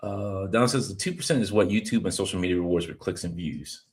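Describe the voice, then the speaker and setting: Animated casual man hosting a podcast. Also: low voice, a little fast. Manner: animated storyteller, reads chat comments aloud. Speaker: podcast host. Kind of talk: casual chat.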